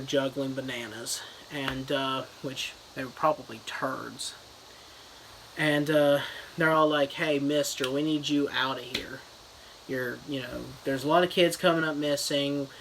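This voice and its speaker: A man's voice: mid-range voice, a little slow, fairly bright tone, slight background noise, rough recording. Rambling man joking through a fake review. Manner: rambling and crude, heavy on "you know" and "uh" fillers. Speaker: YouTuber reviewing a book.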